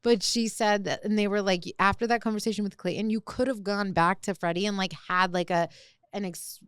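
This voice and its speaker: Young woman, podcast co-host, smooth clear voice, dry close mic, chatty recap style. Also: mid-range voice, fairly quick, dry recording. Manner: animated recapping, heavy use of "like". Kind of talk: casual chat.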